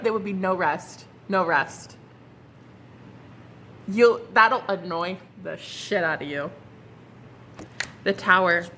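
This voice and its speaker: A young woman reading tarot cards for her viewers, excitable and flustered. She swears casually, giggles, and calls the audience honey and girl. A faint hum of noise sits behind her voice. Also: fairly low pitch, takes it slowly, long pauses. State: flustered and hot. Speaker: tarot reader.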